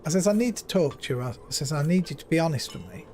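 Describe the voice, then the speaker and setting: A man's voice: fairly high pitch, expressive, quick pace, darkish tone, a little hiss or hum. Rambling man streaming from home. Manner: rambling, repeats himself, retells dialogue with "I says". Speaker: live streamer. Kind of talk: casual chat to stream viewers.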